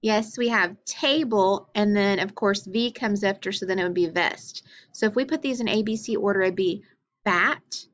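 A woman teacher leading a phonics lesson, naming letters and sounds slowly and patiently. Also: mid-range voice, fairly bright tone. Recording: dull lo-fi recording.

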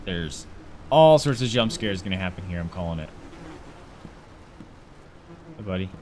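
A man's voice: deep voice, expressive, a little slow, darkish tone, a little hiss or hum. Jokey, jumpy man playing a horror game. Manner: jokey, talks to objects in the game, easily spooked. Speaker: let's play gamer. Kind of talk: casual horror game commentary.

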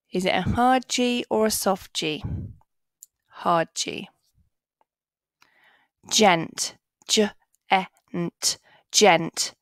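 Woman, phonics teacher, sounds out words letter by letter, extremely slow pace, mid-pitched voice, dry close recording. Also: a bit bright, no echo. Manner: sounds out each word letter by letter and repeats it. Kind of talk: slow, clearly sounded-out phonics lesson for children.

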